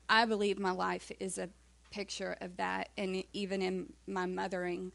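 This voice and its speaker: Slow, gravelly woman reflecting on faith. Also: mid-range voice. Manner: reflective, hesitant with ums. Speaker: panelist mother. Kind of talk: casual faith sharing.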